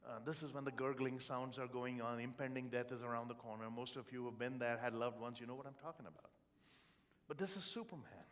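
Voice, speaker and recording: Man giving an expressive motivational talk. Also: mid-range voice, fairly quick. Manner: expressive, storytelling, humorous. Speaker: motivational keynote speaker.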